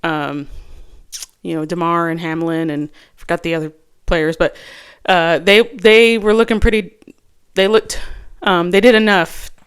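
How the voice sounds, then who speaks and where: A woman's voice: fairly low pitch, steady tone, a little slow, clear, resonant tone. A woman host chatting casually and alone about her fantasy football picks, rambling with lots of restarts and fillers. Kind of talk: casual solo chat.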